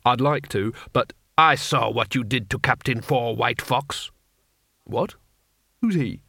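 A man's voice: mid-range voice, takes it slowly, vocal fry, pushed and bright, no echo, clean studio sound, full character voice. A man reading an audiobook, voicing a cowardly, bumbling male wizard who bluffs nervously. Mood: bluffing. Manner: nervous, bluffing, rising to a yelp. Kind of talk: audiobook character voice.

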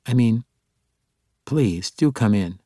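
A man voicing a calm, firm young pregnant woman in an audiobook, speaking in a measured way. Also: medium pitch, dry recording, clean studio sound.

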